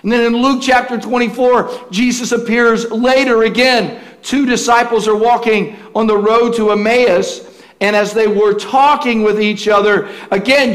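High-voiced pastor preaching a folksy sermon. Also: male voice. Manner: folksy, storytelling, with frequent restarts.

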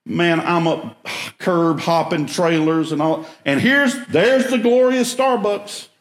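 Folksy preacher man, echoey room. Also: mid-range voice. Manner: folksy, self-mocking, emphatic. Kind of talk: storytelling sermon.

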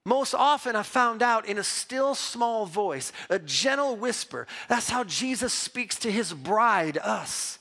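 Animated high-pitched male preacher. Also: slow, few pauses. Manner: animated, emphatic preaching with personal stories; repeats words and restarts when telling stories. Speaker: pastor. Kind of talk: sermon.

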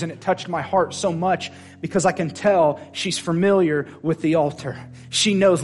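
Country guy preaching, slightly high voice, gets loud then drops to a hush, soft music under him. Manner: swings from loud emphatic declarations to quiet intimate prayer; folksy, plain-spoken. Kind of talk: sermon. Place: church service.

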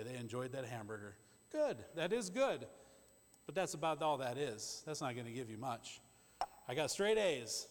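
A man preaching a sermon in a conversational, emphatic way, with quick asides to the congregation. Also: medium pitch. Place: church sanctuary. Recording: long church-hall reverb.

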